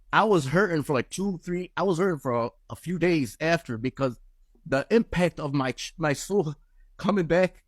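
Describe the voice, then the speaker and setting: A man telling an emotional personal testimony in an intense, halting way, often searching for words. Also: a little high, no room sound. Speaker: person giving a religious testimony.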